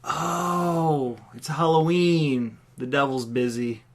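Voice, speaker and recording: A man voicing a male demon wanderer, casual and irreverent, turning loud and annoyed in a spoken story. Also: fairly high pitch, takes it slowly.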